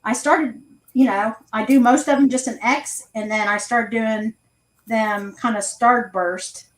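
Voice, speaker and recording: Lady hosting a craft stream, kinda high voice, chatty, tells stories and laughs a lot. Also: fairly even intonation, unhurried, rough recording. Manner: chatty, storytelling, laughs easily. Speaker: craft channel host. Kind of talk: casual livestream chat.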